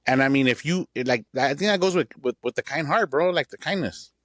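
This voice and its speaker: A man's voice: mid-range voice, fairly bright tone, no echo. A man co-hosting a casual podcast chat who stops and restarts, leaning on filler words. His voice sits in the middle range, and the sound is dry and close to the mic. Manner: halting, repeats filler words like "like" and "bro". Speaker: podcast co-host.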